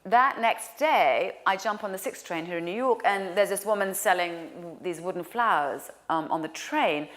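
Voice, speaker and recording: A woman telling a personal story in an animated way, dropping to a hushed whisper for quoted lines. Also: lowish voice, normal speed, few pauses. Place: lives in New York.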